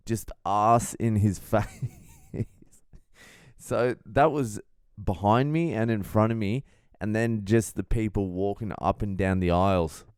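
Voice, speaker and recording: A man's voice: fairly low pitch, darkish tone, smooth, no room sound, studio quality. A man, a comedian hosting a casual podcast, telling stories in a blunt, profane, comic way. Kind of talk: casual storytelling monologue.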